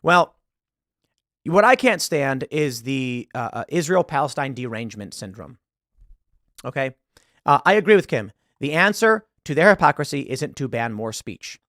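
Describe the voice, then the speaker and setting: A political commentator delivers emphatic online commentary in a mid-range, very animated, fairly bright voice at a moderate pace. He often repeats words to push his points, recorded clean in the studio with no echo.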